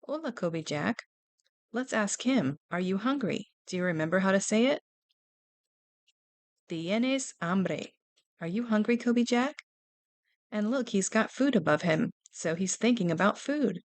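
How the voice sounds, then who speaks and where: A woman teaching a beginner Spanish lesson for children, gently asking questions about pictured characters. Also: mid-range voice, lively intonation, a little slow, long pauses, dry recording.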